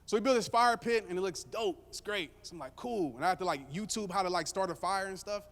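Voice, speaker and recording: A man's voice: sits high, fast talker, fairly bright tone, slight background noise. A man giving a motivational speech to a live audience, telling a story casually and joking with the crowd. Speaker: motivational speaker. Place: stage before a live audience. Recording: long hall reverb.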